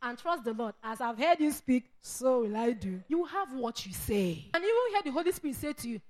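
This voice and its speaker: A woman's voice: high voice, big pitch swings, quick pace, few pauses. A woman preaching a sermon, emphatic, repeating phrases and acting out quoted voices.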